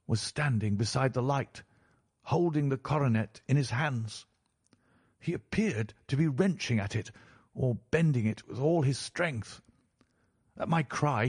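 A man narrating a classic story in a measured, formal first-person manner. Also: medium pitch, husky, no echo, studio quality. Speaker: audiobook narrator.

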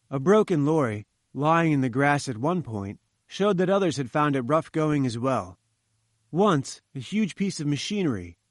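Man, audiobook narration, measured storytelling, slightly high voice, dry close recording. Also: dry recording. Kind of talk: scripted narration.

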